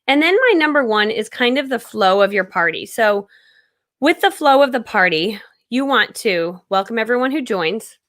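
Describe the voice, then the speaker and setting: Bright, energetic woman hosting a live stream. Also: on the high side, moderate pace. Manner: energetic and loud, laughs often. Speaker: host of a live-stream coaching session. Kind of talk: casual live-stream coaching talk.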